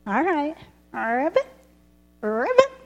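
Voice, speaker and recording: A woman's voice: high-pitched, big pitch swings, measured pace, dull audio. Woman doing a bemused old grandpa. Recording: roomy hall reverb.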